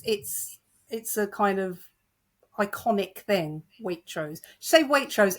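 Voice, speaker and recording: A middle-aged British woman with a British accent, a novelist guest chatting in an interview, animated and self-deprecating with frequent laughs. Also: medium pitch. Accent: British English. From United Kingdom. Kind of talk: conversational interview.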